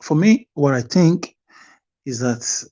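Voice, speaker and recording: A man's voice: a little high, lively intonation, takes it slowly, warm tone. Nigerian guy on a muffled call, preachy, repeats himself for emphasis. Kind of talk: impassioned discussion.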